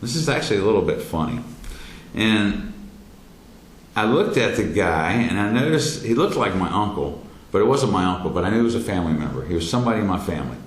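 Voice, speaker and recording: A man telling a personal story in a halting way, full of fillers and restarts, with loud quoted lines. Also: deep voice, lively intonation. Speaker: speaker telling his near-death experience. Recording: roomy echo, faint background noise.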